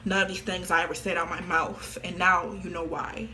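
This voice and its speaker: Teen woman vlogger, bright forward voice, flat blunt delivery, faint noise behind. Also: fairly low pitch, a little fast. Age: teens. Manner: blunt, offhand and flippant. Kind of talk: casual monologue to camera.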